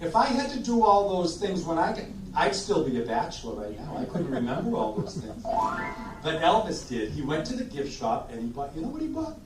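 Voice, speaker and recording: Jokey male sing-along entertainer, lively pitch. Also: a little fast, a crowd in the background. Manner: jokey, chatty, coaxes the audience to sing. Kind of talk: live oldies sing-along show with banter. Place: community room at a senior living residence. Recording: roomy distant live recording with music.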